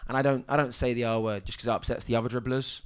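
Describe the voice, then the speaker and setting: A young man doing a stand-up set on a club stage, with a halting deadpan delivery full of ums and restarts. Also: medium pitch, clean tone. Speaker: stand-up comedian. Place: comedy club stage with audience. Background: audience laughter.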